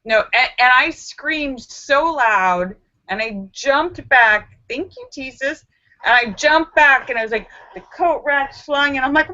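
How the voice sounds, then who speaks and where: A woman vlogger telling a story to camera in a casual, animated way, acting out her own screams and lines of dialogue. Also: fairly high pitch, muffled recording.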